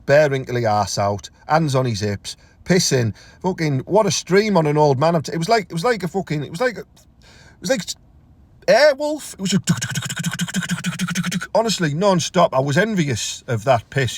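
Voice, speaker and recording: A young man with a Teesside accent delivering a crude, swearing comic rant to camera, his voice jumping high when he gets outraged. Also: no room sound. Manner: crude, ranting, swears freely, big pitch jumps when outraged. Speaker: comedian.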